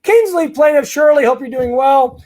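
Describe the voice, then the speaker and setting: A man's voice: very high voice, normal speed, a little mellow. A man working as an immigration lawyer, answering viewer comments in a live Q&A in a blunt, conversational way with lots of fillers and restarts.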